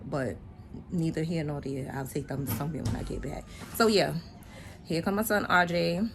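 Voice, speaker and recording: A woman's voice: sits low, normal speed, creaky, over music. A woman in her forties vlogging on her phone, talking casually and straight to her viewers as she heads out. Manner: relaxed, talks straight to viewers. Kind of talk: casual chatty vlog. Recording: loud street traffic noise.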